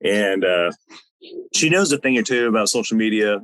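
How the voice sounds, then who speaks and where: A man's voice: fairly low pitch, lively intonation, moderate pace, fairly bright tone, no room sound, poor audio. A man hosting a podcast in a loose, rambling, joking way over a video call. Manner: loose and rambling, with fillers and jokey asides. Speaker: podcast host. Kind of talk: casual podcast chat. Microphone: no headset, video call setup.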